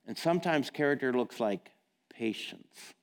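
A man's voice: medium pitch, animated, unhurried. A man preaching a sermon in a casual, direct, plain-spoken way, often asking his listeners questions. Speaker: pastor. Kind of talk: conversational sermon.

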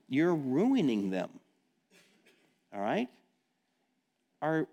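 A man's voice: fairly high pitch, vocal fry, darkish tone. A man preaching a sermon in a casual, direct, plain-spoken way, often asking his listeners questions. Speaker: pastor. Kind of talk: conversational sermon.

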